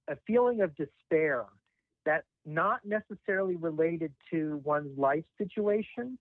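Man, caller, hesitant, slightly high voice, tinny phone line. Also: no room sound. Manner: hesitant, many ums. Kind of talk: call-in conversation.

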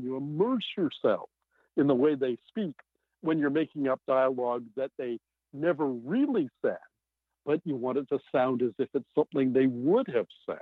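A novelist being interviewed, talking in an animated, emphatic way with many fillers over a remote line. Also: male voice, medium pitch, husky, no echo. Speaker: novelist guest. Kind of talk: podcast interview. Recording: tinny phone-like line.

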